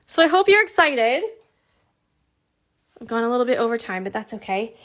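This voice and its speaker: Chatty encouraging woman, slightly high voice. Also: very animated, moderate pace, a bit bright. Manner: chatty, encouraging, many fillers, mutters asides under her breath. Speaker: cross-stitch designer hosting a stitch along. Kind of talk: casual chat while showing her screen.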